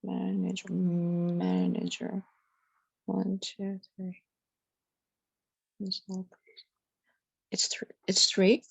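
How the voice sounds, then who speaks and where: Hesitant female student, gravelly voice. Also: mid-range voice, completely flat delivery, drawn-out words, pauses often, no room sound, muffled recording. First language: Arabic. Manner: hesitant, soft, unsure answers.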